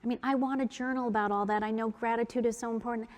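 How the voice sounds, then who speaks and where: A woman giving a keynote talk, leading an audience through breathing and humming exercises. She is upbeat and playful, pokes fun at herself, and slows down for soft, gentle cues. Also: on the high side, steady tone. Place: large conference hall. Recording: long hall reverb.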